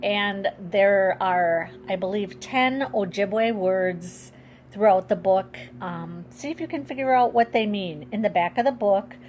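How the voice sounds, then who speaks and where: A woman author reading her own storybook aloud in a steady, clear, expressive way. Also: fairly low pitch, slight background noise.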